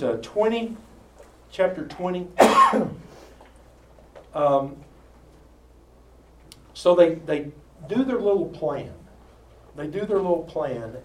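Lively preacher in a roomy hall. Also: male voice, fairly high pitch, slight background noise. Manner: animated storytelling with asides and jokes. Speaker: preacher teaching a Bible study. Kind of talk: sermon. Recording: roomy sound from far off with faint ambience.

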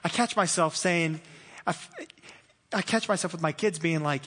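A man delivers a conversational sermon in a high, bright voice. He laughs easily and slips into small acted-out voices to make his points. The sound carries the long reverb of a large church hall. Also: moderate pace. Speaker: pastor.

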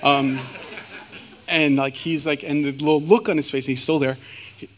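A man giving a personal testimony as a guest speaker, earnest and halting, with many fillers and restarts. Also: a little high, steady tone, fairly bright tone, slight background noise.

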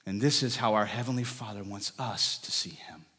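A man preaching a sermon as pastor, dropping to soft, whispered lines when he speaks for God. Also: on the low side, moderate pace, husky, long reverb tail.

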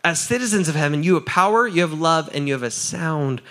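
Pastor, male, fairly high voice, energetic casual sermon, works the crowd, laughs often. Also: brisk. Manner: energetic, asks the crowd for answers; laughs often, repeats "right?".

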